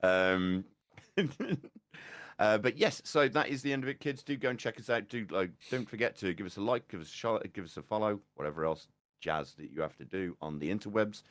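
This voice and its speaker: A man's voice: lowish voice, a little fast. A man co-hosting a podcast, rambling and joking through the sign-off with casual swearing. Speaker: podcast co-host.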